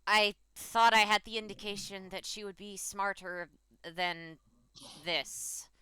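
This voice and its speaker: A woman's voice: medium pitch, steady tone, slow, pushed and bright, smooth, no room sound, poor audio. A woman playing in a tabletop game, chatty and wry, often laughing mid-sentence. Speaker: player. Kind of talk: casual tabletop game chat.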